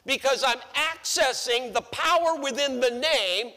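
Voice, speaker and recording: A man's voice: very high-pitched, a little slow, pushed and bright. A male pastor preaching a sermon in a church, repeating phrases for emphasis. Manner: repeats phrases for emphasis, rises sharply when acting out quotes. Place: church sanctuary. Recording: long church-hall reverb.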